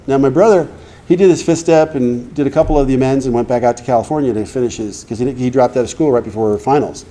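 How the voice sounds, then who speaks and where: A middle-aged man shares his recovery story with a meeting audience in a relaxed, mellow voice. He talks conversationally, slips into the voices of the people he quotes, and clears his throat now and then. His pitch sits in an ordinary middle range.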